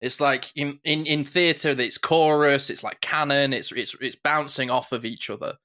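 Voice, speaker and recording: Bright-voiced playful man. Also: medium pitch, moderate pace. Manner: animated, playful, laughs often. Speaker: podcast co-host and interviewer. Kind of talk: casual chat.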